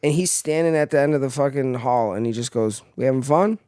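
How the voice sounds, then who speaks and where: A young man who spent time in the Marines is chatting on a podcast, and his stories are full of swearing. His voice sits in a middle pitch. He livens up as the anecdotes build, and the sound is dry and close. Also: a little fast, clean tone, dry recording. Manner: profane storytelling, animated in anecdotes. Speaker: podcast co-host, former Marine. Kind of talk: casual chat.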